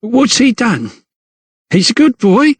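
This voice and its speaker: A man's voice: very high-pitched, very animated, slow, breathy edge, dry recording, voice pushed up, exaggerated voice. A man voicing a wary, guarded young woman in her early twenties in an audiobook.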